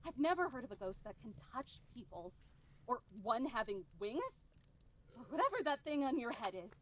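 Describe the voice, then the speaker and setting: Fed-up game heroine, high, lively, demanding, faint hiss. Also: female voice, normal speed. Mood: exasperated. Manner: frustrated, insistent questioning. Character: exasperated young woman demanding answers.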